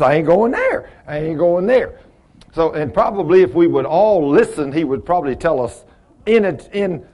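A man leads a Bible study in a folksy, conversational way, putting questions to the group and acting out little exchanges. His voice is a little high and a little mellow.

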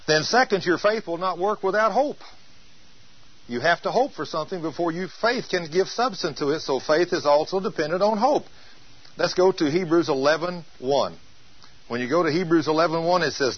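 A male preacher giving an emphatic sermon, drawing out scripture quotes slowly for weight. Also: a little high, lively intonation, slightly rough, dull audio.

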